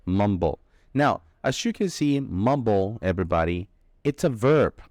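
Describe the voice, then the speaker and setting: Male English teacher, lowish voice, dry close sound, emphatic delivery. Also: big pitch swings, darkish tone, dry recording. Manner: slow, emphatic explaining with drawn-out key words. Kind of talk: vocabulary lesson.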